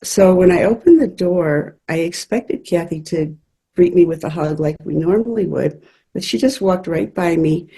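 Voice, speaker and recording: A woman's voice: fairly low pitch, moderate pace, dark tone, husky. A woman who works as a spiritual medium, earnestly telling personal stories in a chatty interview. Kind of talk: interview storytelling.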